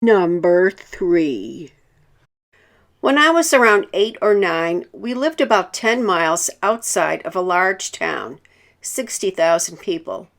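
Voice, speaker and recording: A woman narrating a scripted true-life story in a calm, measured reading voice. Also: on the low side, vocal fry.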